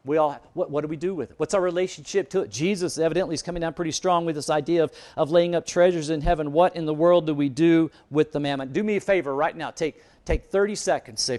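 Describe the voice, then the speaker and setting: A middle-aged pastor preaching to his congregation in a slightly higher-pitched voice. He tells stories from his own life and jokes with his listeners in an animated, chatty way. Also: fast talker, few pauses. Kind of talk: sermon.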